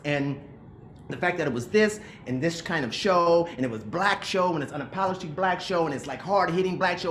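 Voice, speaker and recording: A man's voice: a little high, echoey room, slight background noise. A middle-aged male actor speaking earnestly and with emotion in an interview over a video call, often restarting his sentences. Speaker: actor, guest. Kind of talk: reflective interview talk. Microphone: remote video call.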